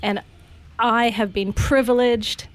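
A woman's voice: fairly high pitch, steady tone, takes it slowly. A woman giving a heartfelt farewell on radio, moved and fighting back tears. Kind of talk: emotional farewell speech.

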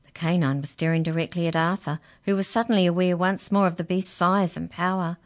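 A woman reading a children's story aloud, with gentle, chatty asides to young listeners. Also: on the low side, fairly even intonation, fairly quick.

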